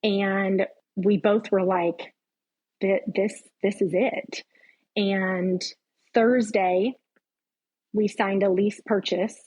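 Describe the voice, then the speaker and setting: A woman's voice: medium pitch, fairly even intonation, extremely slow, long pauses, a little mellow, slightly rough, dull audio. A middle-aged woman, a podcast guest, giving an earnest, heartfelt personal faith testimony.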